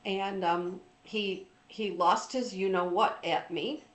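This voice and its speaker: A middle-aged woman telling a personal story in an informal, reflective talk, pausing often with ums and restarts. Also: medium pitch, steady tone, fairly bright tone, echoey room, rough recording. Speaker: trauma recovery speaker.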